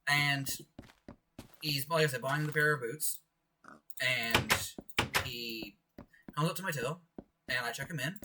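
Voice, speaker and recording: A young Canadian man co-hosting a podcast tells work stories casually over gameplay, rambling with plenty of fillers and occasional bursts of animation. His voice is mid-range, his pace measured with frequent pauses, and the distant mic picks up clear background noise.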